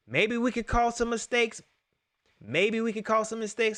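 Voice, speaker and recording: A man hosting a casual sports talk stream, animated and joking, repeating his lines for effect. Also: high voice, measured pace, long pauses.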